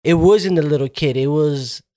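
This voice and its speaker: A young man retells a story in a rambling, profane way. He keeps restarting his sentences. His voice is a little higher than most men's and sounds dry and close, with no room echo. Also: normal speed, warm tone. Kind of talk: casual chat.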